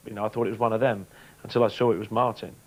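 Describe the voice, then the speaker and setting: Chatty former footballer telling stories. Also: male voice, lowish voice, flat delivery, rapid-fire, low-quality recording. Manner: chatty, playful storyteller. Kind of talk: anecdotal interview.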